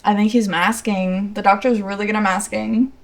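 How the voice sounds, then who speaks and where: A young woman in easy, chatty conversation, eagerly sharing trivia and laughing along. Her voice sits at an ordinary middle pitch. She talks like a devoted fan catching up with friends. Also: steady tone, normal speed. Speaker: podcast co-host. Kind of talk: casual chat reviewing a TV episode.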